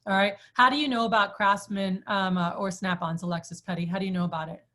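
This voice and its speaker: A woman's voice: mid-range voice, steady tone, fast, bright, forceful tone. Woman, sales trainer, chatty, lots of fillers, quizzes the group. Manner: chatty storyteller, many "like" fillers; asks the group questions. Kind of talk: casual training talk to a group.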